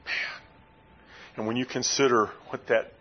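A man preaching a sermon as pastor, emphatic, swinging between raised and hushed delivery. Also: medium pitch, little pitch movement, a little slow, slightly rough, lo-fi sound.

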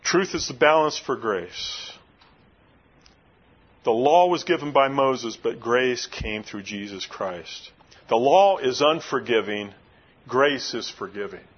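A man preaching a sermon as pastor, emphatic, swinging between raised and hushed delivery. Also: mid-range voice, animated, takes it slowly, breathy edge, lo-fi sound.

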